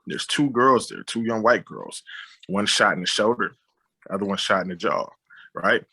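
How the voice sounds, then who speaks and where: Husky, forceful man telling a story. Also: lowish voice, normal speed. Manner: vivid storytelling with spoken sound effects; frequent "you know what I'm saying". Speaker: guest, film director. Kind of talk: telling a personal story on a podcast.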